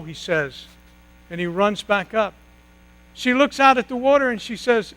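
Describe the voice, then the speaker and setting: A man with a high voice preaches a sermon. He tells the story with slow, dramatic pauses and drops to a near hush at key moments. A steady mains hum sits under his voice. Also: low-quality recording. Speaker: pastor.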